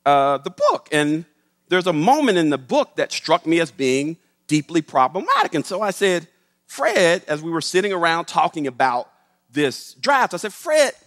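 A middle-aged man, a professor, telling a story to an audience in an animated way and acting out the voices. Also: fairly high pitch, normal speed. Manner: animated, acts out the voices in his stories. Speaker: professor giving a talk. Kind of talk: storytelling public talk. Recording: long hall reverb.

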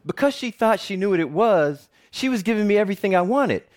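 A middle-aged man, a TV reporter, gives a talk built on personal stories, humorous and self-mocking. His voice is high-pitched and expressive, and he moves along briskly.

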